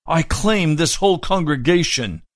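A man voicing an angry, indignant male evil spirit that claims its territory, in a raised, strained pitch. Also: animated, slow pace, gravelly, heavily acted. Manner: indignant, disgusted outcries.

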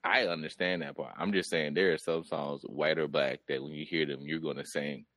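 A man in his thirties co-hosting a casual chat, rambling and halting but insistent. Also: extremely low pitch, steady tone, fairly bright tone, no room sound.

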